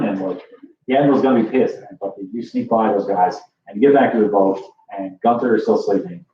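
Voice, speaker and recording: Running a tabletop game, this dungeon master speaks a little fast in a warm, fairly low voice. He narrates casually and rambles with plenty of fillers and "like"s. The sound is lo-fi, distant and echoey, from a room mic with faint hiss.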